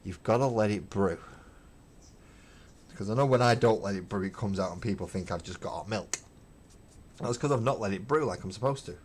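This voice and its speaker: Here a middle-aged livestream host talks casually while painting, opinionated and emphatic, cursing as he rants. His voice sits on the low side and moves at a quick pace, with slight background noise in the audio.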